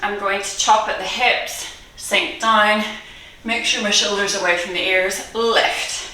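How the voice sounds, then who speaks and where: Counting reps aloud as she guides a workout, this female fitness instructor sounds encouraging and laughs frequently. She speaks at a medium pitch with fairly even intonation, unhurried, her tone bright and forceful. It's captured from a distant mic in a heavily echoing room.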